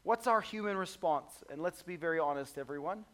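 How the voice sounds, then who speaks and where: High-voiced man preaching with big swings. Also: a little fast. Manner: dynamic, swinging between soft low asides and loud high exclamations; conversational and humorous, acts out voices of the disciples. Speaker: pastor. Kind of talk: sermon.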